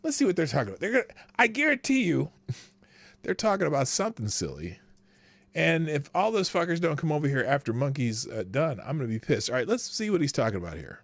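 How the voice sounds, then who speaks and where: A man hosting his own live-stream show in casual chat, loose and animated, swearing freely and laughing between thoughts. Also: on the high side, fairly quick, gravelly, no echo. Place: small home studio.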